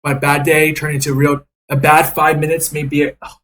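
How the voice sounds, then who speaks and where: A man's voice: fairly high pitch, level tone, normal speed, a bit bright, a little hiss or hum. A young man giving live, profanity-laden commentary on his day trades, frustrated and ranting.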